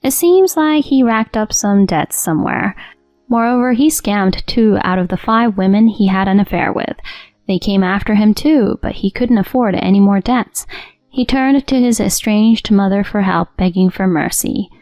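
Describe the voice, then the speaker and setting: A woman narrating her own story in a cool, steady, matter-of-fact manner at a middle pitch. The voice-over is dry and close. Soft music plays underneath. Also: normal speed, dry recording. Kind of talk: first-person story narration.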